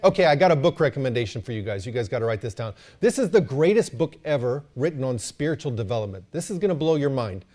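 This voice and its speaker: Animated man preaching. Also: mid-range voice, fast talker, hardly any pauses. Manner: animated, joking, calls for amens. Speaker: pastor. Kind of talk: sermon.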